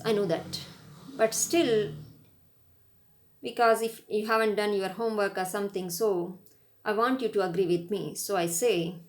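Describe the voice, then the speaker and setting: A woman's voice: medium pitch, reverberant. A woman, a lecturer giving a recorded grammar lesson. She explains patiently and shows rising and falling tones in her own voice. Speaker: English lecturer.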